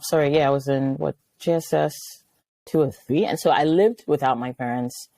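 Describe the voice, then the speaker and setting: A middle-aged woman from Nigeria, a psychiatrist speaking as a guest in an interview, telling personal stories in a lively way and acting out the voices she quotes. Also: deep voice, moderate pace, no room sound. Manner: animated, storytelling, acts out quoted voices. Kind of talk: conversational interview.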